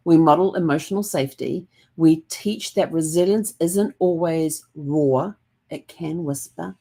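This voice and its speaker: Woman host, deep for her sex, soft-spoken and meandering, casual reflective vlog read. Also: husky. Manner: gentle and calm, rambling with many fillers.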